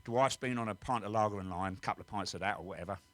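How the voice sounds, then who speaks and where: A man's voice: lowish voice, racing, fairly bright tone, no echo. An English man telling rambling, cheeky pub stories and jokes, full of "right?" and "he said". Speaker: guest storyteller.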